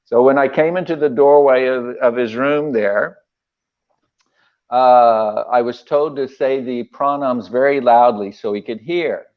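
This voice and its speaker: Older man, emotional storyteller, halting with fillers, dull lo-fi sound. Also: medium pitch. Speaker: guest recalling memories. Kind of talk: casual storytelling interview.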